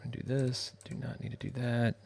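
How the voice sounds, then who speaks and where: A man's voice: mid-range voice, flat delivery, fast, gravelly, a little mellow, slight background noise. A man hosting a developer livestream, thinking aloud and muttering to himself as he writes code. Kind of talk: live coding, thinking aloud. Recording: faint music and keyboard typing behind. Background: keyboard typing, faint music.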